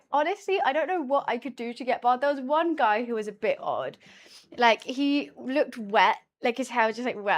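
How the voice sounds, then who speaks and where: A woman with a high, light voice chats away on a live stream while she cooks at home. She laughs often and drops into a soft cooing tone for her cat between stories for her chat.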